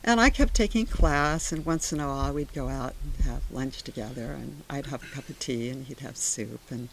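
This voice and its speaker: An older woman shares personal memories in a relaxed oral history interview. She is animated and slips into the voices of the people in her stories. Her storytelling is conversational and unscripted. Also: very deep voice, normal speed, vocal fry, a little hiss or hum. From Sacramento area, USA.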